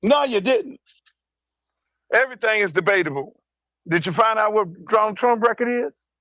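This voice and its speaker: A man's voice: sits high, lively intonation, normal speed, sharp tone, dry recording. A man in a played clip delivering a heated, profane political rant full of rhetorical questions.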